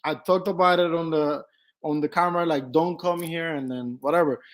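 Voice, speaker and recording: A young man vlogging casually, telling lively stories with swearing and acted-out quotes. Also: on the high side, brisk. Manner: animated, swearing, acts out quotes. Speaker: travel vlogger. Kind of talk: casual storytelling.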